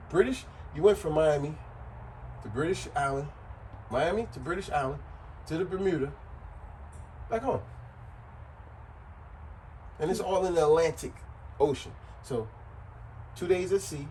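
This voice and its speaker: A man explaining things in a casual, joking way, circling back and repeating himself. His voice swings widely in pitch and sits a little high, and it sounds animated. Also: slight background noise, rough recording. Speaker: vlogger.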